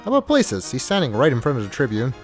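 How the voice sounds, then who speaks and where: A man's voice: medium pitch, wildly swooping pitch, fast talker, faint music behind. A man giving casual gameplay commentary as a let's play host, with chatty, wry asides.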